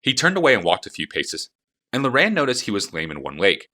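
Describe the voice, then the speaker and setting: A man reading an audiobook with expressive, animated storytelling. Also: fairly low pitch, brisk. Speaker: narrator.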